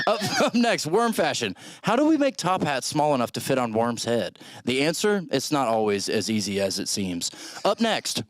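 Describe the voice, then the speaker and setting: A man's voice: a little high, a bit bright, slight background noise, heavily acted. A man playing a giggly, crude presenter of a mock worm news segment in a comedy sketch.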